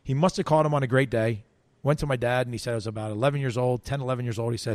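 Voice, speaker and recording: A man's voice: medium pitch, steady tone, rapid-fire, hardly any pauses, darkish tone, no echo. A man telling a story in an interview, acting out quoted voices, with frequent restarts. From United States. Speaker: interview guest.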